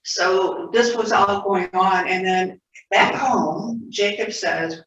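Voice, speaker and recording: A woman's voice: medium pitch, slow, a bit bright. A woman giving a sermon at a spiritual center in a conversational storytelling manner with asides. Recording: roomy, distant, dull hall audio with faint noise.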